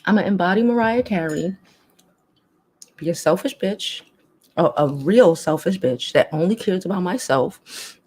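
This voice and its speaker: A woman putting on a calm, aloof diva voice, slow and haughty. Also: on the low side, slightly rough.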